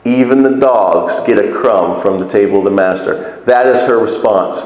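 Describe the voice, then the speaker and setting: A man's voice: mid-range voice, slow. Man preaching in an echoey hall. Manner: conversational, emphatic, asks rhetorical questions. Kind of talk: sermon teaching.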